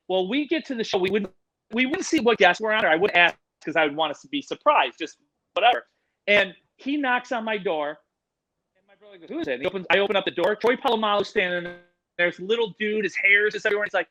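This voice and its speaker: A middle-aged man, a guest on a casual podcast, telling loud, profane, animated stories. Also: high-pitched, fast talker, low-quality recording. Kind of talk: casual storytelling chat.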